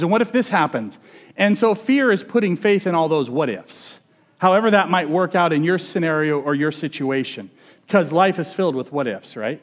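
A male pastor preaching a sermon in a conversational way, often asking his listeners questions. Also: on the high side. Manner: conversational, asks the congregation questions.

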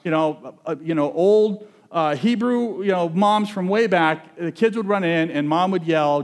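A male pastor preaching a sermon in a relaxed, conversational and humorous way, often asking the audience questions. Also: high-pitched, unhurried, hardly any pauses.

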